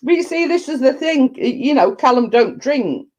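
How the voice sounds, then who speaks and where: A middle-aged woman reads viewer comments in a casual live chat, her voice sitting high, animated, at a moderate pace. She rambles, often repeats herself and laughs.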